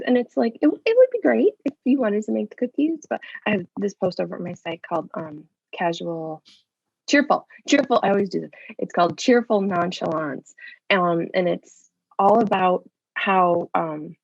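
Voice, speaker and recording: A woman's voice: fairly low pitch, creaky, a little mellow, breathy edge, no room sound, highs cut off. A woman talking casually about homeschooling as a podcast guest, chatty and acting out little quoted voices. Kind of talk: casual conversation.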